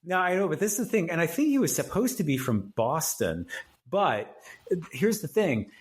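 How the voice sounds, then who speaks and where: A man's voice: a little high, sing-song, moderate pace. A man co-hosting a casual podcast, chattily recounting trivia about an old show. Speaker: podcast co-host.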